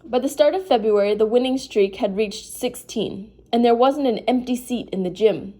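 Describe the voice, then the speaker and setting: Woman reader, sleepy, informal read-aloud, mellow voice pitched a touch high. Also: moderate pace. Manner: informal, breaks off to apologize and comment. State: sleepy, yawning. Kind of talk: casual read-aloud of a novel.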